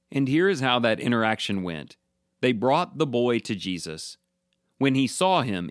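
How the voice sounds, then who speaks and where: A man preaching a sermon, emphatic and slowing down to stress key words. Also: medium pitch, dry recording, clean studio sound.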